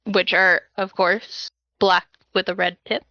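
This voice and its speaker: A woman plays in a tabletop game, answering in short, drawling replies. She talks very slowly, in a bright voice that sits a little high. The recording is dry and slightly dull. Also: little pitch movement, vocal fry, dry recording. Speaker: player. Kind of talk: tabletop role-play.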